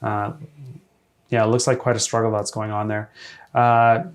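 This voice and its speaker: A man as dungeon master running a tabletop game, relaxed and hesitant, with many fillers and frequent laughs. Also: lowish voice, moderate pace.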